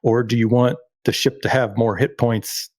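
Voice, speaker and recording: A man's voice: mid-range voice, fairly even intonation, moderate pace, darkish tone, dry recording, studio quality. A man from rural Alabama, a guest in a casual discussion who talks energetically and launches into long side rants. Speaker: podcast guest.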